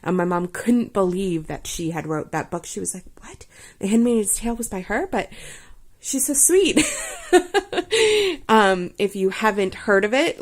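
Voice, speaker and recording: A woman's voice: medium pitch, a bit bright. A woman in her thirties chatting casually about books she has read, rambling and giggly, with lots of fillers. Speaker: vlogger.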